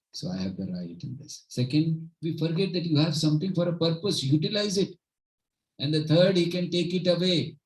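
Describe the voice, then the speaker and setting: A man speaking in an everyday mid-range voice, giving an informal devotional talk to a small gathering in a home. He is earnest and tells stories, often pausing to check that his listeners are following. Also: mid-range voice, low-quality recording. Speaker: spiritual teacher leading a home gathering.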